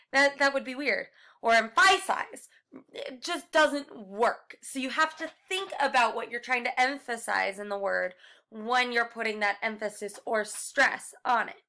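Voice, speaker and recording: Bright, high-voiced woman music teacher. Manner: explains step by step, sings short examples. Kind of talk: recorded slideshow lesson.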